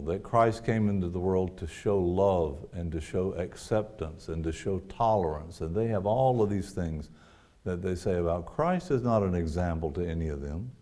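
Low, mellow-voiced male preacher. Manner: earnest preaching, rhetorical questions, quoting scripture. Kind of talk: sermon.

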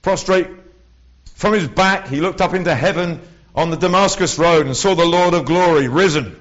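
A man's voice: a little high, moderate pace, fairly bright tone. A man preaching a sermon in a conversational way, with wry asides and frequent restarts. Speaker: lay preacher. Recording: dull lo-fi recording.

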